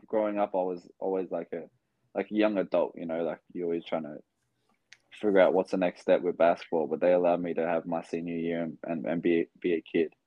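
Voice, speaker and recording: A man's voice: low voice, level tone, fairly quick, dry recording, dull audio. A young man from Australia with an Australian accent, telling stories as a guest in a casual interview, full of fillers. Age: young adult. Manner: rambling, filler-heavy storytelling. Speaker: guest, basketball player.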